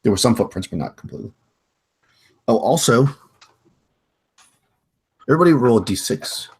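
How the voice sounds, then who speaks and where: A man running a tabletop game as game master, describing rooms in a halting way with many fillers. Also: mid-range voice, animated, husky.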